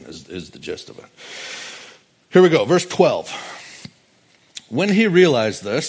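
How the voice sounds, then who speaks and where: A male pastor preaching a sermon in a conversational, humorous storytelling manner. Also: on the low side.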